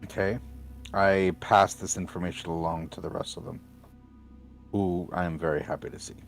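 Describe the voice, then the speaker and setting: A man playing a tabletop game, describing his character's actions in a thoughtful, measured way. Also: low voice, steady tone, faint music behind. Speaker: player.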